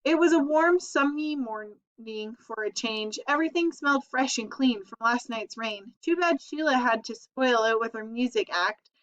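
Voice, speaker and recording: A woman's voice: fairly high pitch, normal speed, hardly any pauses. Woman reading a children's story aloud. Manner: lively, expressive reading. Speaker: audiobook reader. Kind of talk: storybook narration. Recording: dull lo-fi recording.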